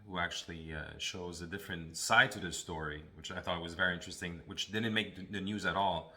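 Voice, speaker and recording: A man hosting a podcast, casually introducing clips and pausing often on fillers. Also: low voice, steady tone, sharp tone. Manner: hesitant, many fillers. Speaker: podcast host.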